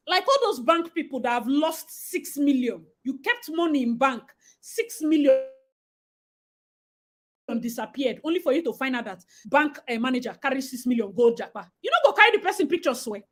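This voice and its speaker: A Nigerian woman hosting a livestream, reading viewer comments and talking about life abroad with loud exclamations and Pidgin phrases. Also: sits high. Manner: expressive, exclamatory, mixes Pidgin into talk. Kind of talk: animated livestream chat.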